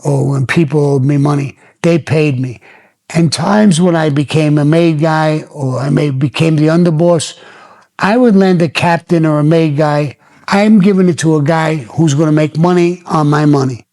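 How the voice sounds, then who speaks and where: An older man hosts a storytelling podcast, recounting his own stories in a blunt, plainspoken way with lots of profanity. His voice sits fairly high, with a darkish tone and a moderate pace.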